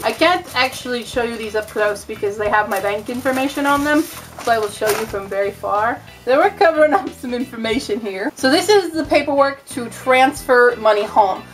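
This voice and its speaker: A young American woman vlogs from home in a slightly high, chatty voice. She explains things casually and keeps slipping in sarcastic jokes at her own expense. Soft music plays faintly behind her. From United States. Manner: chatty, self-mocking, sarcastic asides. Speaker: vlogger.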